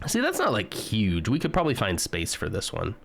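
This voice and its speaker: A man's voice: fairly low pitch, huge pitch swings, fairly quick, vocal fry, fairly bright tone. A man streaming live, chatting casually and joking with his viewers as he browses. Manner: chatty, joking, talks to chat while browsing.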